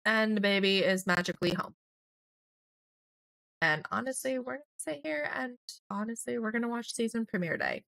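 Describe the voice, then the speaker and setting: A young woman hosting a casual let's play, chatting through her game and voicing quick lines for her characters. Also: a little high, lively intonation, gravelly, fairly bright tone, no room sound. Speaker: gaming channel host.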